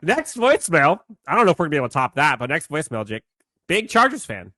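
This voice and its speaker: An upbeat man co-hosts a sports podcast with a bright, lively voice. His pitch moves a lot, and he is recorded close and dry. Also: fast talker, dry recording. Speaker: podcast co-host. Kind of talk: casual sports podcast chat.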